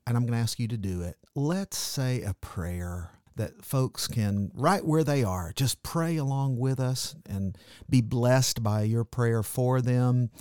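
A man hosts a Christian radio talk show as its pastor, speaking in an affirming, pastoral way. His voice sits at a middle pitch. The studio sound is dry and close. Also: takes it slowly, darkish tone, clean tone, no echo.

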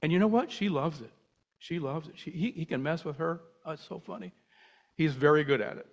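An older man teaching a Bible class in a casual, animated way, asking many rhetorical questions and breaking off mid-sentence. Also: a little high, fairly quick, gravelly. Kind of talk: informal Bible teaching talk. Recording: muffled lo-fi recording.

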